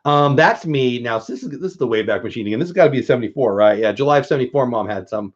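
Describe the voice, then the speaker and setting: A man's voice: mid-range voice, expressive, fast talker. Fifty-something guy joking around about himself, sounds a bit muffled. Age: 50s. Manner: joking, self-mocking. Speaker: vlogger. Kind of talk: casual chat.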